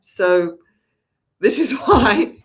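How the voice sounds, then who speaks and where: Theatre director, woman, rambling, chatty delivery, mid-pitched voice. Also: sing-song, very slow. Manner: chatty, rambling, with frequent restarts. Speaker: artistic director of a theatre company. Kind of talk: casual spoken announcement.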